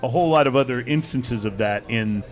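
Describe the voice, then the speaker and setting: A man hosting a casual chat show, talking in a relaxed, halting way with many fillers and restarts. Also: medium pitch. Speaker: podcast host.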